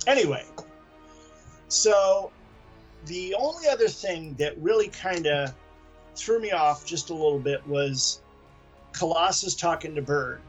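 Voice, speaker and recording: A man chatting on a comics podcast, his voice sitting a bit high for a man. He talks loosely, circling back and restarting thoughts as he goes, with faint music under it. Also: expressive, measured pace, pauses often. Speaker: podcast co-host. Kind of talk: casual chat about comics.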